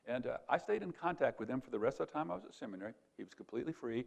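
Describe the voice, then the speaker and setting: Older man telling a story, gravelly. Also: mid-range voice, racing, few pauses. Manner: conversational, quoting others in lively voices. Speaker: conference speaker. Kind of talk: sermon-style storytelling.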